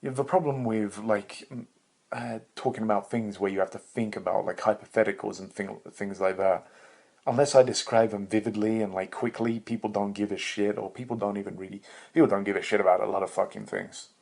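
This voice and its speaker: Lowish-voiced young man rambling profanely. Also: fairly even intonation, brisk, gravelly, darkish tone. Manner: meandering, profane, self-mocking, with bursts of laughter. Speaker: podcast host. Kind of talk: rambling solo monologue.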